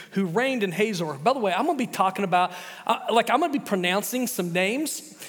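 A man's voice: high voice, fairly bright tone, big-room sound. A man preaching a sermon as pastor, chatty and casual, often restarting his sentences.

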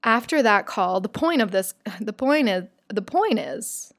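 A young woman hosting a talk show, chatty and animated, retelling a story with quoted voices in casual storytelling. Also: mid-range voice, a little slow, no room sound, studio quality.

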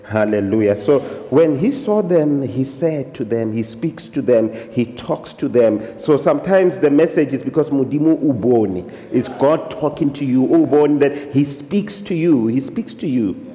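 A man's voice: mid-range voice, lively intonation, moderate pace, dark tone. A man preaching a sermon as pastor, switching between English and local languages and punctuating his points with amens. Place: church hall. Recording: echoey hall.

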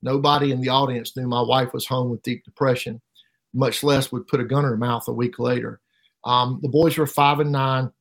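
A middle-aged man giving an emotional personal testimony as an interview guest, halting and repeating words, his voice rising sharply at painful moments. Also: mid-range voice, flat delivery. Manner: halting, repeats words, voice rises sharply when reliving pain.

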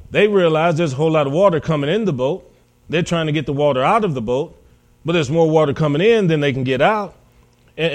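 Storytelling preacher with a higher voice. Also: male voice. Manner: storytelling, acting out voices of biblical figures; rises to loud, emphatic peaks. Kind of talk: sermon.

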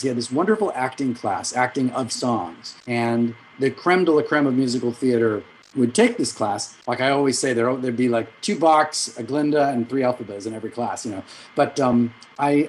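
A middle-aged man, a music director and vocal coach, telling rambling anecdotes in an interview, with quick asides and self-corrections. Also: mid-range voice, rough recording. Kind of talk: storytelling in an interview.

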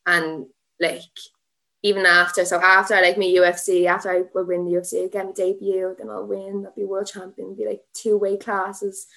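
A woman's voice: mid-range voice, little pitch movement, normal speed, creaky, fairly bright tone. A woman in her twenties with an Irish accent, chatting in a rambling way and filling her talk with "like", as a podcast guest. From Ireland. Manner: chatty and rambling, heavy use of "like", frequent laughter. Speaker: guest, MMA fighter and student teacher. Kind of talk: casual podcast chat.

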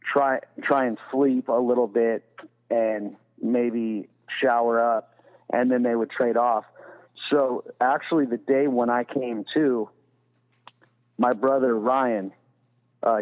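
A man's voice: mid-range voice, steady tone, a little slow. Guy swearing and rambling thru a story, tinny phone sound, big echo behind him. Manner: profane, rambling, peppered with "you know". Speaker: podcast guest. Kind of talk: casual storytelling.

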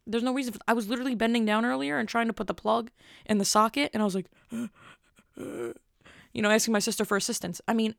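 A woman's voice: fairly high pitch, creaky, no room sound, studio quality. A woman in her twenties telling a rambling, self-deprecating story in a casual monologue. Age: 20s. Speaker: vlogger.

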